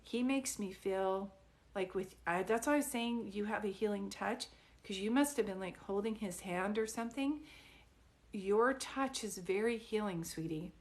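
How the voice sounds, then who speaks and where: A woman speaks gently on a live stream, reassuring her viewers with endearments like sweetie and honey. Her sentences wander and restart as she talks. Her voice sits at a middling pitch for a woman, picked up by a phone or webcam mic. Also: normal speed. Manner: soft, soothing, calls people sweetie and honey; rambling, restarts mid-sentence. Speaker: psychic medium doing live readings. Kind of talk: livestream reading with viewers.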